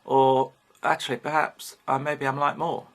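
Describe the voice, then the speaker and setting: A man's voice: mid-range voice, level tone, moderate pace. A British man in his fifties talking frankly in a rambling personal vlog, swearing casually as he goes. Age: 50s. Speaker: vlogger. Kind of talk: candid personal vlog monologue.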